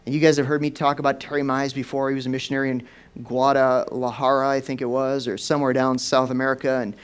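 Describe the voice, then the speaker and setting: A man preaching a sermon in a rambling, storytelling way, repeating and restarting words and then rising in pitch and volume for emphasis. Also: flat delivery, fast talker, smooth. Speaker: pastor.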